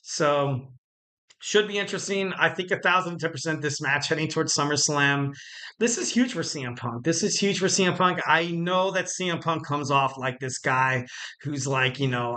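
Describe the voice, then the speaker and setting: A man's voice: fairly high pitch, lively intonation, moderate pace, sharp tone. A man hosting a wrestling podcast, talking casually with rambling, joking asides and self-corrections. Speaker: podcast host.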